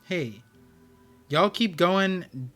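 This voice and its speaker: A man reading the lines of a male scientist who talks like a cowboy, with a slow, easygoing drawl. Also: high voice, expressive, fairly bright tone, soft background music, heavily acted.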